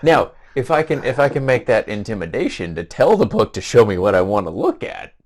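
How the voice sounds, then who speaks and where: A man's voice: fairly low pitch, very animated, a little fast, a little mellow. A man playing a tabletop role-playing game, his intonation swinging widely up and down. He is jokey in manner and often breaks into laughter. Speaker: player.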